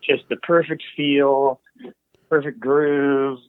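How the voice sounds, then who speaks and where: A man's voice: medium pitch, little pitch movement, slow, dry recording. Man telling studio stories over a tinny line. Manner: meandering, full of asides and trailing restarts. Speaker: guest, recording engineer. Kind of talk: casual anecdotal storytelling. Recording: tinny phone-like call line.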